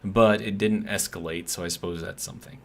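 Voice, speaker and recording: A man's voice: low-pitched, steady tone, a little fast, gravelly. A man streaming a game, telling a long, exasperated work story in a rambling, casual way with lots of fillers. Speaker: gaming streamer. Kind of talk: casual ranting chat while gaming.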